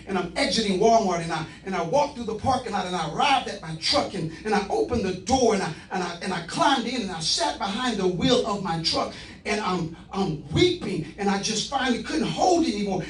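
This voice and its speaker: A man's voice: high voice, a bit bright. A man giving impassioned personal testimony at a city council meeting, telling his story earnestly and building to fervent emphasis. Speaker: speaker giving public testimony. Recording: echoey room from far off.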